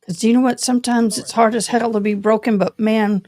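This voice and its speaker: A woman's voice: on the high side, fairly even intonation, fairly quick, darkish tone. A woman from Tennessee chatting casually as host of a true crime livestream, saying "y'all" often.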